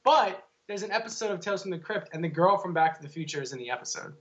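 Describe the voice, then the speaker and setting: A man's voice: sits high, fast. An adult man co-hosting a podcast, chatting casually and arguing his points with animation. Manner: animated, argumentative, laughs often. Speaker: podcast co-host. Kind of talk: casual chat. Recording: dull lo-fi sound.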